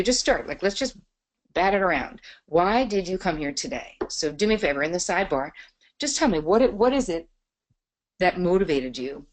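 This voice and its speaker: Bubbly woman hosting a live webinar. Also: fairly low pitch. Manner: bubbly, chatty, greeting viewers by name. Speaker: webinar host.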